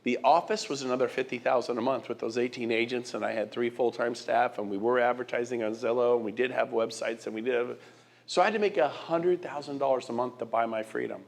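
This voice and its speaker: A middle-aged man speaking at a medium pitch as he gives a motivational talk to an audience. He pushes his points with emphatic rhetorical questions, and he often repeats and restarts words. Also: fairly even intonation, fast talker, gravelly. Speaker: guest speaker.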